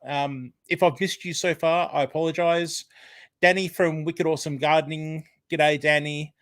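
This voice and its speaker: A man with an Australian accent hosting a casual live stream, rambling warmly through greetings with lots of ums. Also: fairly high pitch, fairly even intonation, moderate pace, no room sound. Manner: chatty, rambling, full of fillers, greeting viewers by name. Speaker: livestream host. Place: home room at a computer. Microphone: desk microphone.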